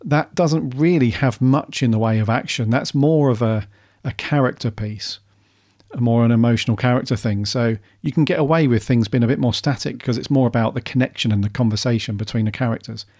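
A man's voice: mid-range voice, a little fast, a little mellow. A man co-hosting a casual podcast, easygoing and agreeable. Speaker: podcast co-host. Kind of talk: casual chat.

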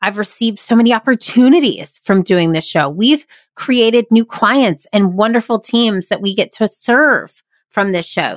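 An energetic woman hosting a solo podcast, speaking in an emphatic, motivational way at a middle pitch. Her voice is recorded close on a podcast microphone in a small closet, with a dry sound and no room echo. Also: a little slow. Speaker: podcast host and improv workshop leader. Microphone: studio podcast microphone.

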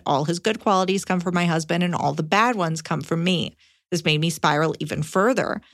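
A woman co-hosts an advice podcast, reading a listener's letter and chiming in with firm opinions. Her voice sits a little low for a woman, and she talks emphatically. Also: a bit bright. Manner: emphatic, opinionated, jumps into side remarks. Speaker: podcast co-host. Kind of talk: reading a letter aloud, then casual chat.

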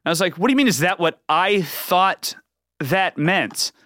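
A man, a comedian guest on a podcast, tells a rambling comic story and acts out the quotes with sudden jumps in pitch. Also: animated, moderate pace, bright, forceful tone, dry recording, clean studio sound.

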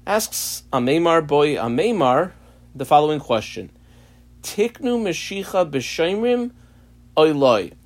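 A man teaching a page of Talmud in a study lesson, explaining slowly with frequent fillers and restarts. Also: fairly high pitch. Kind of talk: daf yomi study lesson.

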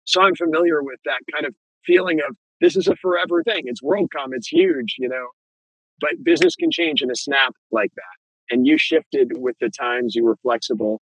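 An older man, retired, hosting and interviewing in a conversational, brisk way. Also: medium pitch, fairly bright tone, slightly rough, no room sound, poor audio. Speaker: podcast host.

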